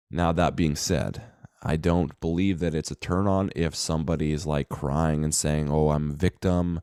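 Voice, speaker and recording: A man's voice: a bass voice, fairly even intonation, measured pace, a little mellow, clear, resonant tone, dry recording, clean studio sound. A man in a casual, reflective monologue to his viewers, full of fillers and restarts. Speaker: self-help vlogger.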